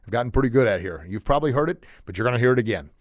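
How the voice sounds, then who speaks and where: A man's voice: mid-range voice, expressive, very fast, no room sound, studio quality. Earnest middle-aged man hosting a podcast. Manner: earnest, emphatic, repeats phrases for stress. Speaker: podcast host. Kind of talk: motivational podcast talk.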